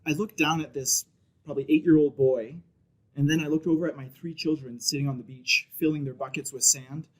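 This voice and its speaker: A man's voice: a little high, fairly even intonation, a little fast, poor audio. A man in his thirties telling a vivid personal story on stage, acting out the voices of the people in it. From Canada. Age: 30s. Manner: vivid storytelling, shouts out quoted children.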